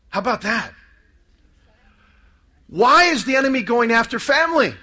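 A man's voice: very high voice, sharp tone. A man preaching a sermon to a live audience, emphatic and calling for responses.

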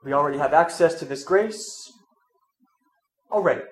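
A man's voice: mid-range voice, faint music behind. Nasal congested man preaching in an echoey room. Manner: measured, reflective, with soft asides. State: congested from a cold. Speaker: preacher leading an Advent talk series. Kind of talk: scripture reading then sermon talk. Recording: roomy echo, faint ambient noise.

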